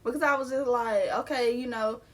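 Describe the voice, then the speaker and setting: A woman's voice: on the high side, fairly even intonation, a little fast. A young adult woman telling a personal story in a casual, candid way, full of slang and swearing. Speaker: vlogger.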